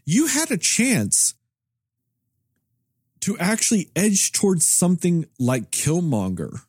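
A man's voice: sits high, slow pace, slightly rough, no room sound, clean studio sound. A man in casual chat about a movie, telling a comic story by acting out both sides of an exchange, with cursing and jokes. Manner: animated storyteller acting out customer and server; profane, comedic. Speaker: movie discussion co-host.

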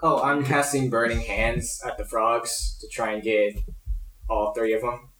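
A man's voice: mid-range voice, flat delivery, a little slow, reverberant, far from the mic, crowd noise. A man playing a tabletop game over voice chat, reading out spell rules. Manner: rules-focused, reads out spells. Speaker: player. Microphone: online voice chat.

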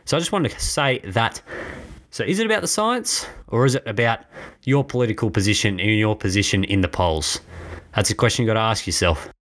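A man's voice: on the low side, expressive, a little fast, a bit bright, slight background noise. A man with an Australian accent hosting his own podcast, passionate and blunt, sometimes a little out of breath as he rants. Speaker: podcast host. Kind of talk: opinionated political podcast rant. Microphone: own home podcast mic.

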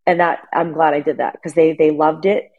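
A woman's voice: low-pitched, fairly even intonation, moderate pace, phone-quality sound. A middle-aged woman chatting casually as a guest, telling a long family story with lots of restarts and fillers. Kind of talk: casual chat.

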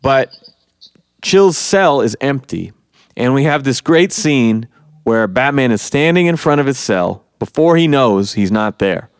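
Smooth-voiced man breaking down a comic. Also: medium pitch, a little slow, no echo, studio quality. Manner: animated storyteller, acts out quotes. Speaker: podcast co-host. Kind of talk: casual comic book discussion.

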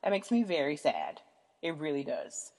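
A woman's voice: low-pitched, sing-song, normal speed, darkish tone. A woman hosting a casual podcast episode, talking frankly and rambling, with lots of fillers and profanity. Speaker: podcast host. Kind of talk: casual candid monologue. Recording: long hall reverb.

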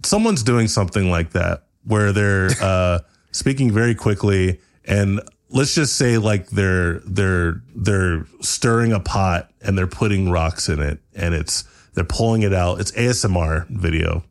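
A man hosting a podcast, improvising a comedy story with rambling asides and laughter, often jumping into high character voices. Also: measured pace, gravelly, hardly any pauses. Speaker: podcast host.

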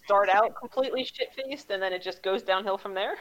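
A woman co-hosting a casual podcast chat from home over a call, chatty with quick asides. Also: mid-range voice, a bit bright, rough recording. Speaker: podcast co-host.

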